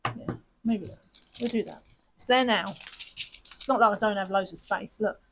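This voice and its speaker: A woman talks casually to camera as she kits up a craft project. She rambles, laughs at her own thoughts and pokes fun at herself, in a voice of middling pitch. A faint hiss sits under the recording. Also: steady tone, unhurried, rough recording. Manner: chatty and self-mocking, rambling with giggles. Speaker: crafting channel host. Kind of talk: casual chat while sorting craft supplies.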